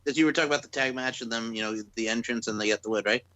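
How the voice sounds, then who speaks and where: A man co-hosting a wrestling podcast, loud and joking with crude humor and frequent laughter. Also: mid-range voice, rapid-fire. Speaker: podcast co-host. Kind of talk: casual podcast banter.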